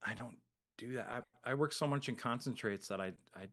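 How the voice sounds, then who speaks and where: A man co-hosting a casual podcast, agreeable and quick to chime in. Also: mid-range voice, fairly bright tone. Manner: agreeable, frequent backchannels. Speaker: podcast co-host. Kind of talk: casual chat.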